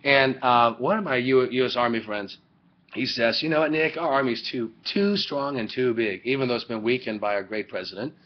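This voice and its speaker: A man's voice: medium pitch, moderate pace. A man lecturing a class in a rambling, joking way, full of rhetorical questions, recorded on a webcam. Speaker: teacher. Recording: dull lo-fi webcam audio.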